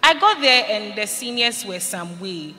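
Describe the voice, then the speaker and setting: A woman's voice: medium pitch, animated, a little slow, sharp tone, soft background music. A woman from Ghana, giving an earnest personal testimony to students and acting out what people said. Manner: earnest storytelling, acts out quoted lines. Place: large hall at a school event. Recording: reverberant hall, faint noise.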